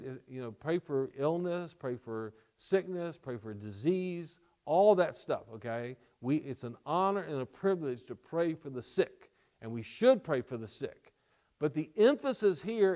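Preaching in a fairly high-pitched voice with a darkish tone, this pastor drives his points home by repeating important lines. He keeps checking with his congregation, saying "okay?" and "all right?"

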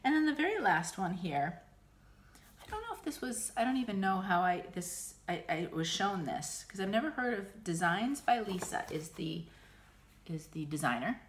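A middle-aged American woman chatting casually and warmly about her stitching haul, gushing and emotional, restarting often. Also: mid-range voice, sing-song, normal speed, slight background noise. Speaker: cross-stitch vlogger. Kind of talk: casual chat.

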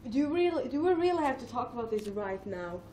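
Teen girl vlogging w a cold, kinda high voice, giggly and hyper, rambly, built-in cam mic. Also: sing-song, fast, warm tone, slight background noise. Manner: hyper, giggly, self-mocking. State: has a cold. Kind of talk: casual rambling vlog. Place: cold apartment, indoors.

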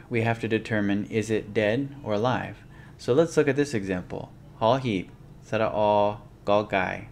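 A man's voice: lowish voice, a little hiss or hum. A man teaching a language lesson, explaining rules patiently and methodically and stepping through examples one by one.

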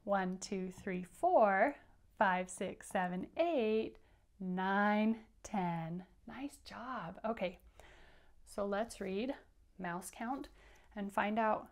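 Slow, patient woman teacher reading aloud. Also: medium pitch. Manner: patient, encouraging, counting along with children. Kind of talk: interactive children's read-aloud.

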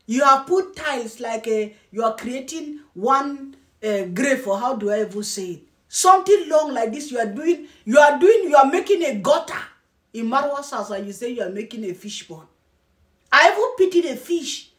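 A woman vlogger giving scolding, mocking reaction commentary and repeating herself for emphasis. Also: high-pitched. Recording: roomy echo.

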